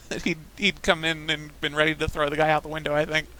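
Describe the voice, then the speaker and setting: A young woman chats casually while gaming, drifting from anecdote to anecdote and laughing often. Her voice is bright and forward. She talks loosely, with restarts and asides. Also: deep voice, flat delivery, fairly quick, a little hiss or hum, low-quality recording. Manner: rambling storytelling, frequent laughs. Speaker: gaming podcaster. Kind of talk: casual chat while playing a game.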